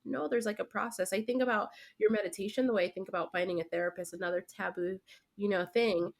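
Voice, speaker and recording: A young woman, a teacher appearing as a guest, talks animatedly in casual conversation with a quick, gravelly, medium-pitched voice. She leans heavily on fillers like "like" and "right?".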